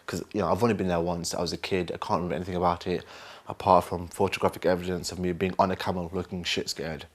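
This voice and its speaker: A man with a Northern English accent, an actor talking candidly in an interview, animated and self-mocking. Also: sits low, quick pace. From north of England. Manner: animated, self-mocking, acts out other voices.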